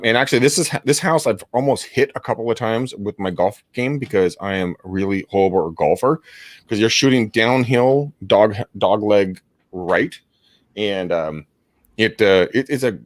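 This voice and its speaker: A man in his thirties, a real estate agent hosting a casual call session, telling stories with profanity and loud laughter. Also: on the low side, unhurried, no echo, clean studio sound. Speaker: real estate agent hosting a live cold-calling stream. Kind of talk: casual chat, storytelling.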